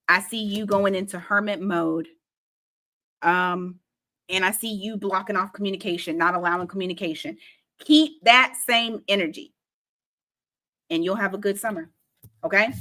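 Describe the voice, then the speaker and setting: A woman's voice: medium pitch, pushed and bright. Blunt, laughing tarot reader woman. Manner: blunt, swears freely, laughs often, slows to stress advice. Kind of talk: casual tarot reading to camera.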